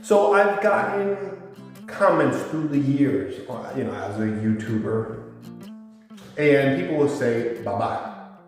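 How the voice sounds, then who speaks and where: A man's voice: medium pitch, takes it slowly, very echoey, long reverb tail, distant mic, faint music behind. A man talking informally to his viewers as a YouTuber, explaining words and spelling them out. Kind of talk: casual monologue to camera.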